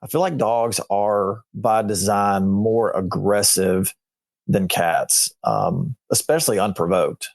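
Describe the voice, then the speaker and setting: A man, a veterinarian guest on a radio show, explaining conditions in a relaxed, plain way. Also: fairly low pitch, slow, gravelly, no echo. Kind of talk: casual explanatory chat.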